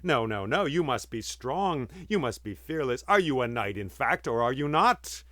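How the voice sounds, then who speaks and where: A man voicing a huge green knight who speaks loudly, boisterously and mockingly. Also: medium pitch, big pitch swings, normal speed, no room sound. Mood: scolding. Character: bold booming green giant knight.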